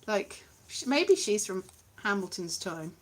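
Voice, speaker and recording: A woman's voice: medium pitch, measured pace, slight background noise. A woman chatting casually to camera in a playful, silly vlog. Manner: playful, animated, silly asides. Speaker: vlogger.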